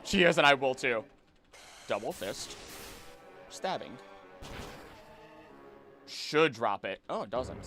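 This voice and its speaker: A young man casually commenting on his gameplay while he streams, chatty and animated, with sudden loud outbursts. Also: mid-range voice, takes it slowly, pauses often, soft background music. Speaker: streamer playing a video game.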